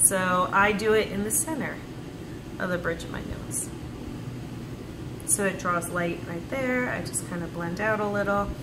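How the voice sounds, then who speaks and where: A chatty, playful woman talks through her makeup steps in a relaxed tutorial. Her voice sits at an ordinary middle pitch. The room is echoey, and a steady background noise runs underneath. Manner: chatty and playful, talking through each step. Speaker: beauty vlogger. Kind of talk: casual makeup tutorial chat.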